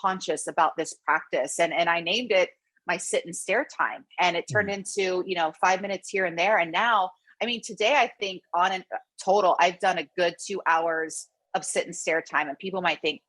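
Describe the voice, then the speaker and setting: A woman's voice: on the low side, normal speed. A woman guest author and coach, talking earnestly and with feeling on a remote interview call. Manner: earnest, animated, emotional. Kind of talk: conversational interview. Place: New York City.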